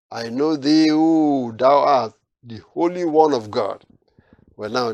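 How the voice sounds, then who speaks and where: A man preaching a sermon, repeating phrases and swinging from quiet asides to loud, emphatic declarations. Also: medium pitch, no room sound.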